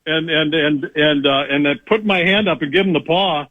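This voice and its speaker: A man telling a lively story on a radio show, laughing often and acting out both sides of an argument. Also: fairly high pitch, moderate pace, dry recording, narrow, tinny audio. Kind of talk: animated storytelling on sports talk radio.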